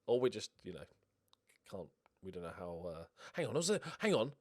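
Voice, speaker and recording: A man giving casual gaming commentary as a streamer, getting excited and swearing as he cheers on his team. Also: lowish voice, moderate pace. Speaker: game streamer.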